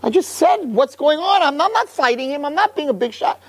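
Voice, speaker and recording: A man voicing a gentle, earnest young male shepherd who asks innocent questions. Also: extremely high pitch, lively intonation, fairly quick, voice pushed up.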